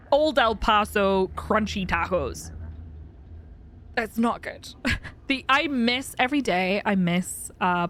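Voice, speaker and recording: Young woman, live-stream chat, lively pitch, bright tone, laughs a lot. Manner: chatty, laughs often, greets chat by name.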